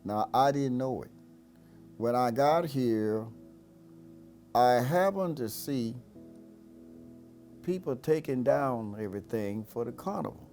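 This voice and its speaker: An older man, a pastor, giving a halting personal testimony that rises and falls sharply, with repeated words. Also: mid-range voice, animated, a little mellow, soft background music.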